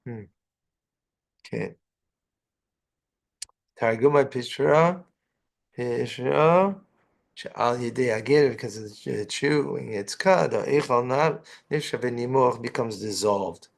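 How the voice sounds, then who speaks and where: His voice is medium in pitch, gravelly, and a little slow. As a rabbi teaching Torah line by line, he reads each Hebrew phrase before explaining it in English, mixing in asides and rhetorical questions.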